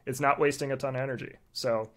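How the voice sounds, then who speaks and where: A man's voice: medium pitch, fast. Laid-back male podcast co-host explaining. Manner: relaxed, explanatory, frequent laughs and fillers. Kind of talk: casual chat.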